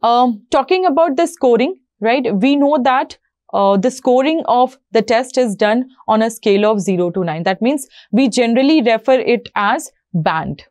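A woman's voice: fairly high pitch, lively intonation, moderate pace, darkish tone, no room sound, clean studio sound. A woman explaining an exam format to learners, often checking in with "right?" and "you know". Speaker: IELTS instructor.

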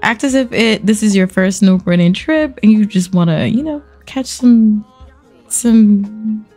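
A woman voicing a chatty young college freshman, talking in a casual, slangy way, a bit higher than her usual voice. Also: lively intonation, a little slow, dark tone, soft background music.

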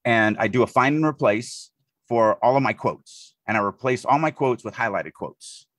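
A man from the Deep South speaks in a husky voice. He co-hosts a casual podcast, thinking aloud with frequent restarts. The recording is dry, with no room sound. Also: lively intonation, moderate pace, fairly bright tone, no echo. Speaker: podcast co-host, writing editor.

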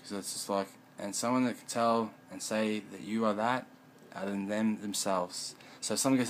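A man's voice: on the low side, steady tone, normal speed, a little hiss or hum, rough recording. A man rambling in a profane vlog monologue at home, often mumbling.

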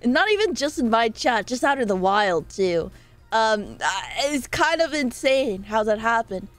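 A young woman chats on her live stream in a bright, high voice, rambling playfully and reading messages from chat aloud. Faint music plays quietly behind her. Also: big pitch swings, measured pace.

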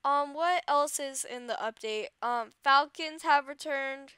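A woman doing dramatic, excitable commentary over her game, swinging between wailing and squealing. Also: high voice, a little slow, no room sound. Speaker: game video creator. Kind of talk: gameplay commentary.

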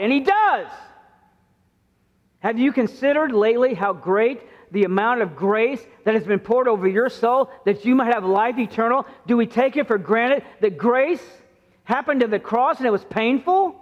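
A middle-aged male pastor with a high voice preaches in a church whose sound rings on with a long reverb. He speaks conversationally and puts on the voices of the people he quotes. The sound is muffled and a little dull. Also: moderate pace. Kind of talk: sermon. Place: church sanctuary.

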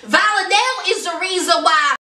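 A woman casually recapping a TV episode in a vlog, telling it as a lively story and acting out the scenes. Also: very high voice, normal speed. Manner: animated storyteller, acts out the scenes. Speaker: TV episode reviewer. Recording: roomy echo, mic at a distance.

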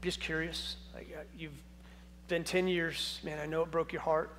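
A preacher voicing God as a gentle, loving figure who speaks softly and asks kindly questions, his voice a little lower and much quieter than his own. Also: level tone, moderate pace, a little hiss or hum. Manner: soft, easygoing and kindly questioning.

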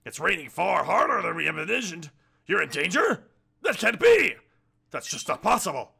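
A hot-headed villain gang leader, as a man voices him for a game playthrough, loud and theatrical, his throat sounding strained. The voice is bright and gravelly, with pitch jumping all over. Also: huge pitch swings, moderate pace, full character voice. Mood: alarmed. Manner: loud, theatrical, often shouting.

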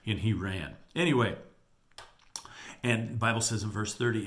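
A man's voice: lowish voice, normal speed, long pauses, fairly bright tone. A man giving a Bible lesson, retelling the story with animation and reading scripture aloud. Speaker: Bible teacher. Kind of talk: Bible teaching.

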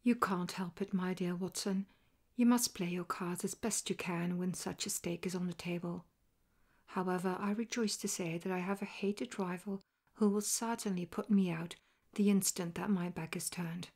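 A woman softly voicing a self-assured male detective in a half-whispered, measured way, as whispered role-play. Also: fairly low pitch, steady tone. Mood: calm resolve. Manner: measured and resolute.

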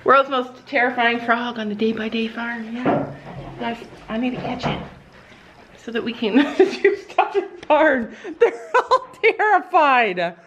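A woman's voice: on the high side, measured pace, fairly bright tone. A middle-aged woman from Canada, chatting casually to her camera in a barn on her family farm, laughing often and cooing at her dogs. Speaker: vlogger, mother running a family farm channel. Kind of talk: casual vlog chat.

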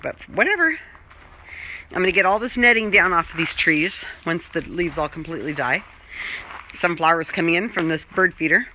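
A woman talks casually and rambles as she walks through her garden, filming herself on a phone. Her voice is bright and lively, rising and falling a lot. Faint outdoor ambience sits behind her. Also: fairly low pitch, normal speed, a little hiss or hum, rough recording. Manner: chatty, rambling, self-filming tour. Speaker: vlogger. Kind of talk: casual chat.

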